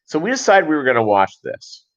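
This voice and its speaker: A man's voice: fairly high pitch, wildly swooping pitch, brisk. Rambling man telling a story, lo-fi. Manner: rambling, loose, with many restarts and asides. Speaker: livestream host.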